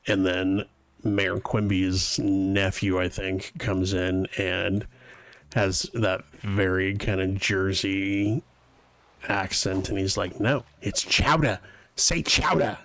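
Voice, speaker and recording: A man's voice: low voice, monotone, takes it slowly, fairly bright tone, dry recording. A man streaming a video game live, chatting casually and rambling to his viewers as he plays. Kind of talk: casual live-stream chat while playing.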